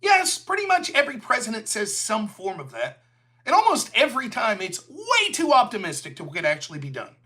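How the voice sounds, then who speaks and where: A man's voice: high-pitched, bright, forceful tone. A man hosting a livestreamed political commentary show, talking in a heated, sarcastic way. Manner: sarcastic, heated, slips into mocking voices.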